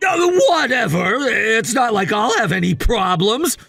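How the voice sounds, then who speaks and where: A man voicing a controlling, scornful husband in a text-message story, dismissive and given to shouting. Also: high voice, big pitch swings, measured pace, gravelly, dry recording, faint music behind, exaggerated voice. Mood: angry, scornful. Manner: bossy and dismissive, shouting at times.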